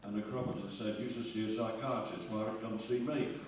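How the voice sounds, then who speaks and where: A man's voice: lowish voice, steady tone, fast, slight background noise. A man telling jokes to a live audience, rambling, losing his place and chuckling at his own punchlines. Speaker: comedian. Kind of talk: live stand-up joke telling. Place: live arts centre stage with audience. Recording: echoey, muffled hall recording from far off.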